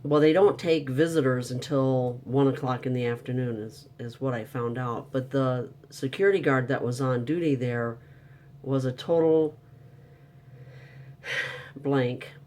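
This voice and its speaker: A man's voice: medium pitch, fairly even intonation, a little slow, a little mellow. A man telling a frustrating story in a casual, upset monologue, venting and exasperated. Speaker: vlogger.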